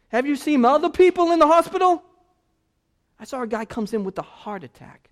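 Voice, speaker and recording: A male pastor preaching a sermon, telling personal stories and building to loud, passionate preaching. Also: very high-pitched, lively intonation, a little fast.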